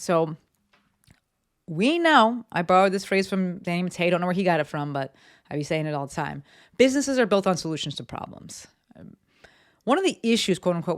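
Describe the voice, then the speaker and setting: Podcast host from jersey just chatting solo, lots of ums and likes, swears a bit, home office. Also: medium pitch. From New Jersey, US. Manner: chatty and candid, loose fillers, casual swearing. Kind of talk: casual solo business podcast.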